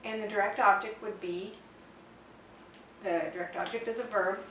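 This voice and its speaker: Woman teacher explaining grammar slow n careful, mid pitch, mic kinda far off in a roomy space. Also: fairly even intonation, pushed and bright. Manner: slow, careful explanation with Spanish example sentences. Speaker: Spanish teacher. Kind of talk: whiteboard grammar lesson. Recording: echoey room, distant mic, faint noise.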